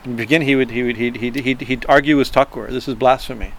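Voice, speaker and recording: A man giving an informal spiritual talk, halting and repeating himself, often checking in with a quick "right?" and chuckling as he explains. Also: mid-range voice, steady tone. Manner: halting, repeats words, frequent "right?" asides. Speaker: spiritual teacher.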